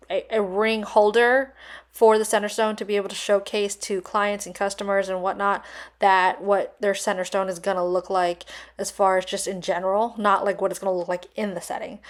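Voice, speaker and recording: A woman's voice: mid-range voice, steady tone, moderate pace. A young adult woman narrating a casual vlog voice-over, gushing and effusive, chatty with lots of fillers. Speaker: vlogger reviewing a purchase.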